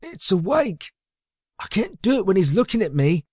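A man voicing a small, nervous henchman who whines and complains in a high voice. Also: sing-song, normal speed, a little mellow, slightly rough, no room sound, studio quality, full character voice. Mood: whining. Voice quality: high, whining. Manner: panicky, complaining.

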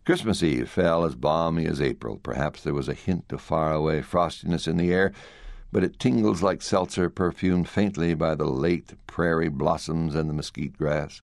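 Deep gravelly man narrating. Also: normal speed, no room sound, studio quality. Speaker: audiobook narrator. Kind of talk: scripted narration.

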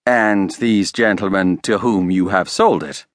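A male narrator voicing a newspaper correspondent who asks brisk, direct questions. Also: low-pitched, no echo.

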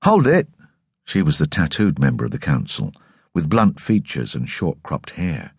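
A man narrating an audiobook in a measured, expressive storytelling manner, recorded on a studio microphone. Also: rumbling low, gravelly, slightly rough, no echo. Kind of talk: scripted narration.

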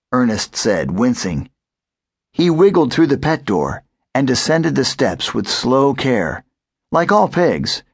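A man narrating a children's audiobook with expressive storytelling. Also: medium pitch, breathy edge, no room sound, studio quality.

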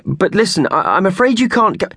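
A man's voice: sits high, big pitch swings, brisk, vocal fry, a bit bright, husky, no echo, pitched above the performer's own voice, full character voice. A meek, fretful man from a children's storybook speaks hesitantly and apologetically, as a man reads him. His voice is a little raised and swings widely, and the sound is dry. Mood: worried. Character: meek, worried grown man. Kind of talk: children's audiobook reading.

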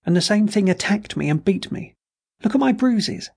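A woman's voice: mid-range voice, lively intonation, normal speed, vocal fry, mellow, slightly rough, pitched above the performer's own voice. A man narrating an audiobook, voicing a nervous, defiant young woman who speaks shakily and turns hysterical. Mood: pleading. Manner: shaky, rising to hysterical and defiant. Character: frightened, fiery young woman, a recluse's daughter.

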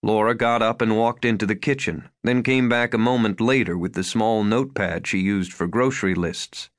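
A man narrating a thriller audiobook in an expressive storytelling style. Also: on the low side, normal speed. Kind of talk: scripted narration.

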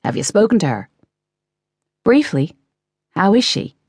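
A woman's voice: medium pitch, very animated, measured pace, a little mellow, slightly rough, dry recording, clean studio sound. A woman voicing a reserved young woman back home, answering in short, guarded replies.

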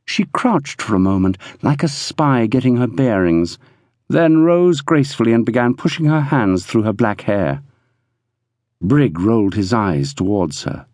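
A man narrating a novel in a measured, descriptive reading, recorded close in a studio. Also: mid-range voice, darkish tone, no echo. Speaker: audiobook narrator. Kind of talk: scripted narration. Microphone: close studio mic.

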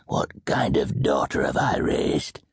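A gruff old grandfather, as a male narrator puts him on, deep and slow, heavy with sorrow. The read is dry and close, with no room around it. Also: big pitch swings, dry recording, exaggerated voice. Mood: sorrowful.

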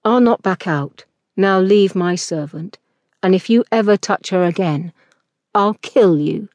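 A woman doing a calm, commanding young man. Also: mid-range voice, dry recording, close to an everyday voice. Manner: slow, controlled, firm.

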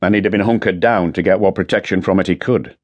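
A man's voice: sits low, quick pace. A man voicing a blunt, sardonic middle-aged police chief inspector, in an audiobook.

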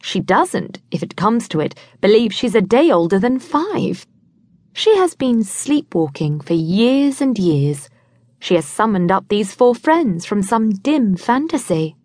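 A woman reading an audiobook in an expressive, measured storytelling manner. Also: medium pitch, no room sound. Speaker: audiobook narrator. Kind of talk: scripted audiobook narration.

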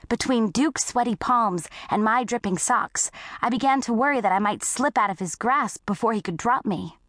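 A woman narrating a first-person audiobook story in a scripted, unhurried way. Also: a little high, fairly bright tone, no room sound, studio quality.

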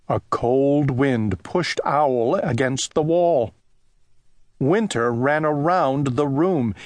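A male narrator reads a children's story slowly and gently, his pitch rising and falling with lots of life. The recording is dry and close, with no room sound at all. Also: no echo. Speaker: audiobook narrator.

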